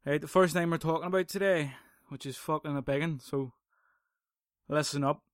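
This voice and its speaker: A man's voice: fairly high pitch, fairly even intonation, normal speed, no echo, studio quality. A young man hosting a casual solo podcast, swearing, rambling and sarcastic. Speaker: podcast host.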